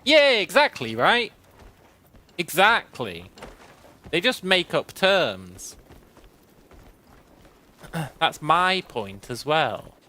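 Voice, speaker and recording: Bright, lively male game streamer. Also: a little high, extremely slow, pauses often. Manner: chatty and wry, often clears his throat, talks to chat. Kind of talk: casual gameplay commentary.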